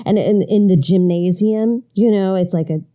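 A woman's voice: medium pitch, moderate pace. A middle-aged woman co-hosting a podcast, telling stories in a casual chat and acting out the voices. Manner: expressive storytelling, acting out voices. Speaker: podcast co-host.

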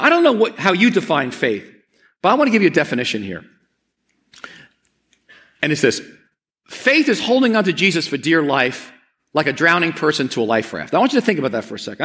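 A pastor gives an earnest, conversational sermon, repeating words often as he presses a point. His voice is high with a sharp tone.

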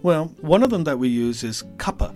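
A man's voice: on the high side, sing-song, brisk, a little mellow, faint music behind. A man from North America co-hosting a podcast English lesson, explaining tea phrases with example sentences. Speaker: English teacher, podcast co-host. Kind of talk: bilingual podcast lesson chat.

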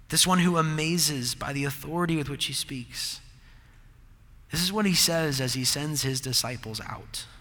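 A man preaching a sermon, emphatic, moving between loud declarations and quiet asides. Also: on the high side. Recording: long reverb of a large hall.

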